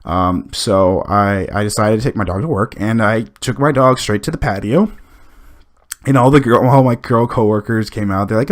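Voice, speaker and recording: A podcast host telling a long rambling story in casual chat, full of restarts and fillers, acting out what people said. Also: male voice, on the low side, moderate pace.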